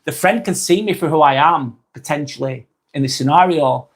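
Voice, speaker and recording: Northern English male live-streamer, slightly high voice, chatty and blunt, repeats himself. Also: moderate pace. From England. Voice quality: blunt, swears freely. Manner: chatty, repeats points, thanks viewers. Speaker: live vlog host. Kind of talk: casual live-stream talk.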